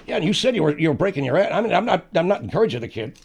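A man's voice: fairly high pitch, very animated, very fast, creaky, darkish tone, slightly rough. Radio host guy, sarcastic and scolding, voice bounces up and down a lot. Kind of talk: talk radio comedy.

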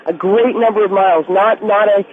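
A level-headed woman caller calmly explains herself over a tinny phone line, as a man puts her on. Her voice is high, and her tone stays patient and explaining. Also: brisk, slight background noise, lightly acted. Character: calm, reasoning woman caller, middle-aged.

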